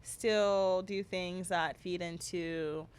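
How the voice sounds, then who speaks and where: A woman in her thirties, co-hosting a podcast in casual chat, telling family stories in a lively way with animated voices for the people she quotes. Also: on the low side, drawn-out words, clean tone. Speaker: podcast co-host.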